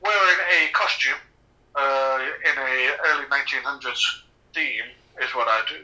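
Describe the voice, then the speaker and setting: A man's voice: medium pitch, moderate pace, bright, forceful tone, rough recording. A man, co-hosting a casual film commentary podcast, rambling and chatty. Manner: rambling, chatty, laughs often. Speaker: podcast co-host.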